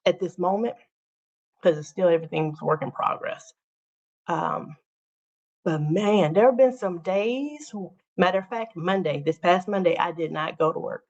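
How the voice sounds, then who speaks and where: A woman's voice: mid-range voice, darkish tone, muffled recording. A woman, a teacher, chatting casually to viewers on her livestream and repeating phrases for emphasis.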